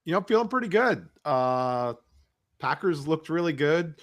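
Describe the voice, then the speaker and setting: A teasing man co-hosts a casual sports chat with a lively, swinging delivery. His pitch sits a little high for a man, and he often pokes fun at the others. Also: moderate pace. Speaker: podcast co-host.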